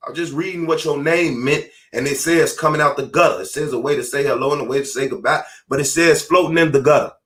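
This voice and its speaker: A man's voice: on the high side, a bit bright. Heated, profane man ranting as podcast host. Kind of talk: angry monologue rant.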